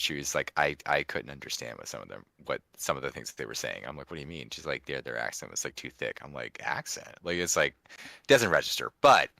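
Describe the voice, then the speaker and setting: A man from the DC area in the USA co-hosts a casual wrestling podcast, rambling and restarting his sentences as he self-corrects. His bass voice has vocal fry and a sharp tone, recorded with studio quality and no room sound.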